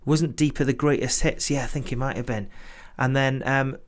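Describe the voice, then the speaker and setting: A man's voice: medium pitch, steady tone, moderate pace. A man from Britain hosting a casual online launch chat over a video call, reading out viewer comments and laughing often. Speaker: host.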